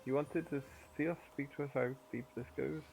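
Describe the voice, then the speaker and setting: Gravelly-voiced tabletop player. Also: male voice, mid-range voice, fairly even intonation, fairly quick, darkish tone, soft background music. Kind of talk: casual game chat.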